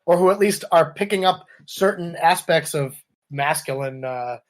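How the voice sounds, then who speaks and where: A man's voice: on the high side, normal speed. A man co-hosting a podcast, chatting casually and sarcastically about politics over a webcam. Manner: riffing, sarcastic, puts on quoted voices. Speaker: podcast co-host.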